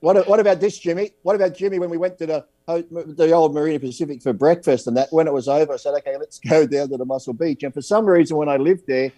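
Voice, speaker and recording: A man's voice: fairly high pitch, quick pace, few pauses, dark tone, no echo. A man on a podcast jumping in to tell a story of his own. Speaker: podcast guest. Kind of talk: casual storytelling.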